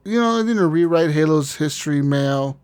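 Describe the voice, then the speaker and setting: A man co-hosting a gaming podcast, talking casually in a slightly high voice. He swears freely and slides into joking rants. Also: lively intonation, a little fast, darkish tone, smooth. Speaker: podcast co-host.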